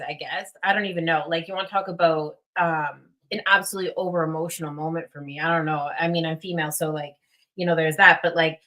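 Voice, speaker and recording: A young woman hosting a casual livestream, rambling with many fillers and getting excited. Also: fairly low pitch. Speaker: livestream host.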